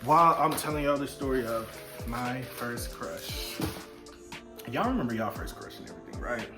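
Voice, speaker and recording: A man's voice: mid-range voice, normal speed. A young man vlogging a casual storytime while eating, talking loosely with slang, swearing and playful asides. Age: young adult. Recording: echoey room with music behind.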